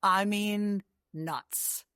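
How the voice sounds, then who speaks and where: A woman's voice: mid-range voice, drawn-out words, clear, resonant tone, dry recording. Woman telling travel stories, dry close mic. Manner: animated storyteller with frequent asides. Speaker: guest, long-distance horse rider. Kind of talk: casual interview storytelling.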